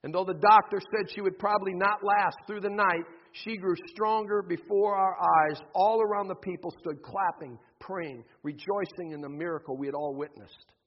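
Husky high-voiced male preacher in reverb. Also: steady tone, normal speed, hardly any pauses. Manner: soft, hushed storytelling turning to emphatic preaching. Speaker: pastor. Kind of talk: sermon with read-aloud testimony. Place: church sanctuary. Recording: dull recording with long church reverb.

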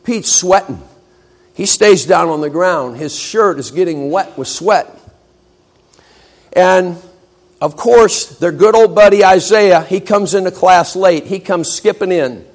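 A man preaching, telling a story and acting out its people, swinging from loud to hushed. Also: high-pitched, takes it slowly. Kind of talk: sermon illustration story.

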